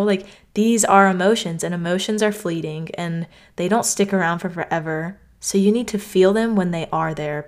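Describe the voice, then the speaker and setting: A young woman from North Carolina hosting her own podcast, talking earnestly and conversationally, often saying "like". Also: fairly low pitch. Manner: earnest, conversational, heavy use of "like". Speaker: podcast host. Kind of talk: reflective solo podcast talk.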